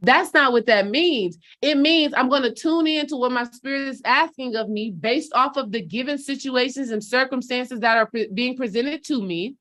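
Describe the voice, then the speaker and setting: Higher-voiced woman coaching her followers. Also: moderate pace, few pauses, fairly bright tone. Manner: direct, preachy, calls listeners sis and baby. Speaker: spiritual healing coach. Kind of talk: casual motivational talk to followers.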